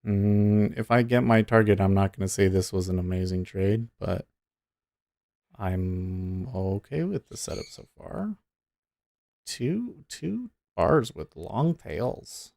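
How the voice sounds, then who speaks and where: Low-voiced man chatting while day trading. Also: takes it slowly, creaky, warm tone, no room sound, studio quality. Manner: chatty, thinks aloud, cheers on the market. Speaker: day trader streamer. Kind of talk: live trading commentary.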